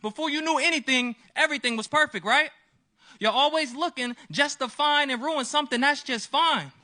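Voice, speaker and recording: A man voicing a defensive, apologetic wife in his spoken word poem, justifying herself in quick pleading phrases. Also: very high voice, sharp tone, full character voice.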